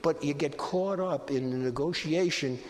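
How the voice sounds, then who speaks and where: A man's voice: on the high side, moderate pace. Older man telling wry stories in a hall. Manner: humorous anecdotal storytelling with wry punchlines. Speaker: guest speaker on negotiation. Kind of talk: live presentation to an audience. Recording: hall reverb with faint background noise.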